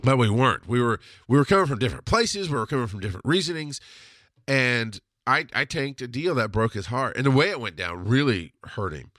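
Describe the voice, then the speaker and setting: A man's voice: medium pitch, expressive, fairly quick, a bit bright, no echo, clean studio sound. A man hosting his own podcast, telling personal stories in a blunt, rambling way with restarts and the odd curse. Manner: rambling, blunt, with frequent restarts and mild swearing. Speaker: podcast host. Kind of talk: casual storytelling monologue.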